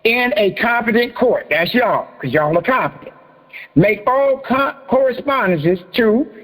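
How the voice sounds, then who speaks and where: A man hosting a group meeting, joking, swearing and laughing, then walking listeners through a form letter. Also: high voice. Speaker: host of a private group meeting. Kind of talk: casual teaching talk. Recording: long echoing reverb.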